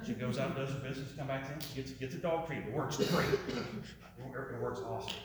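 A man presents slides to a live audience, quizzing listeners, repeating himself, and dropping jokey asides. His medium-pitched voice runs a little fast. Crowd noise and a roomy sound with faint noise fill the recording.

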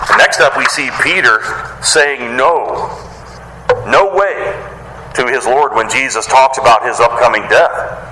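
A man preaching a sermon, animated and casual, who acts out the voices of the people he quotes in a higher pitch. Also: reverberant, a little hiss or hum, rough recording. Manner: casual wording with playful slang. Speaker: pastor.

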